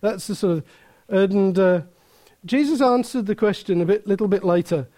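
A man preaching a sermon, telling a story with many restarts and laughter, then turning quieter and earnest. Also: sits high, normal speed. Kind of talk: sermon with anecdote.

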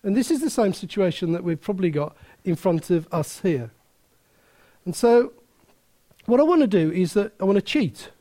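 A man preaching a sermon, telling a story with many restarts and laughter, then turning quieter and earnest. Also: high-pitched, expressive, moderate pace, long pauses. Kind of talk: sermon with anecdote.

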